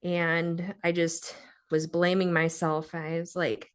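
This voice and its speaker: A young woman telling a personal story in a podcast interview, speaking haltingly and with feeling, with many pauses and fillers. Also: lowish voice, fairly even intonation, a bit bright. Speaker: guest sharing a personal story.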